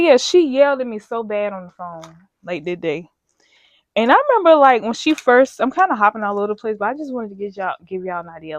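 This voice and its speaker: A woman's voice: mid-range voice, no echo. A young woman rambles candidly through a storytime, swearing freely and packing her talk with filler. The recording is dull and lo-fi, and the room sounds dry and close. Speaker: vlogger telling a story. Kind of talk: casual storytime chat.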